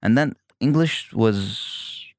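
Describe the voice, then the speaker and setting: Speaking slowly in a fairly low voice, an Emirati comedian whose native tongue is Evazi Persian banters loosely as an interview guest, lively and playful, breaking off mid-sentence and starting over. The sound is dry and close, with no echo.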